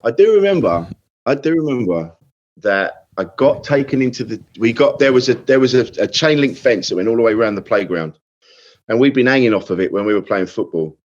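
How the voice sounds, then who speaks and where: A man's voice: medium pitch, expressive, fairly quick, dull audio. A man in his fifties, a comedian guest telling rambling anecdotes in casual podcast chat, often restarting and swearing.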